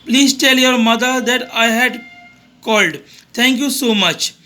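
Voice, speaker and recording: Guy teacher doing a grammar review for kids, very high voice, reads each example then explains it. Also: unhurried, pushed and bright. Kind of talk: revision lesson for young students.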